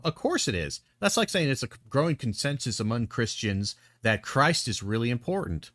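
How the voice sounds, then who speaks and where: A man's voice: medium pitch, sing-song, moderate pace, few pauses, fairly bright tone, no echo, studio quality. A man giving sarcastic, profane reaction commentary as a video reviewer, sounding exasperated.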